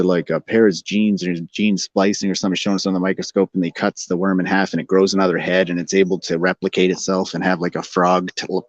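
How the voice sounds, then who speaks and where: A man in casual conversation, rambling from thought to thought and laughing often. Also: dry recording. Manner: rambling, meandering, laughs often, breaks into silly high sing-song. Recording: dull, dry lo-fi sound.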